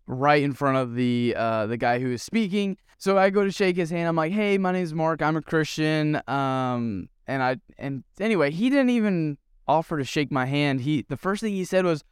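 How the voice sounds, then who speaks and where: A young man retells his story earnestly, rambling with fillers. His voice sits fairly high and sounds smooth and clear, recorded dry and close. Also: expressive, moderate pace, hardly any pauses, no echo. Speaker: youth pastor. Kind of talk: casual storytelling vlog.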